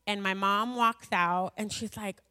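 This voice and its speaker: A woman's voice: medium pitch, fairly even intonation, a little slow, bright, forceful tone. A woman sharing a personal faith story with a gathering in a chatty way, full of fillers and asides. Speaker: speaker sharing a personal testimony. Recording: long hall reverb.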